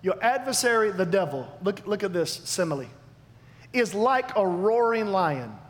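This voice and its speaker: A man preaching a sermon, animated and emphatic, swinging between loud declarations and hushed asides. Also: high voice, normal speed. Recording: long hall reverb, faint background noise.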